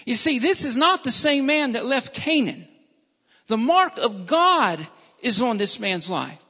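A preacher delivering a sermon with emphatic, repetitive phrasing, slowing down to stress key words. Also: medium pitch, big pitch swings, pushed and bright. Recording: long reverb, dull lo-fi sound.

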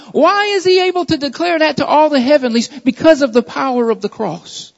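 High-voiced preacher in a reverberant hall. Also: male voice, fairly quick, vocal fry, hardly any pauses. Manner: emphatic, repetitive preaching cadence. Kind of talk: sermon. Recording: dull audio with long hall reverb.

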